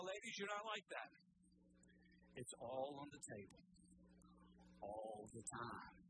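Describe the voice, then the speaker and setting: A pastor preaching a folksy, animated sermon to the congregation, swinging from loud emphasis to soft, low asides. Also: male voice. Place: church sanctuary. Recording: live sermon with clear room noise.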